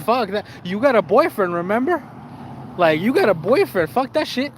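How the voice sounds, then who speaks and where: Brief: young male streamer, higher-pitched voice, cussing, animated, slangy, stumbling restarts. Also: a little fast, a little hiss or hum. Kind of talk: casual live-stream storytelling.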